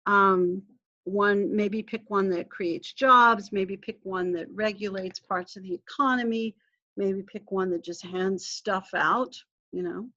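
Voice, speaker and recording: A woman's voice: mid-range voice, steady tone, takes it slowly, sharp tone. Woman instructor, casual lecture, talks to herself while hunting files, muffled lo-fi sound. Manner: chatty, self-interrupting, thinking aloud while clicking through files. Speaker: history instructor. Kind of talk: casual recorded class lecture.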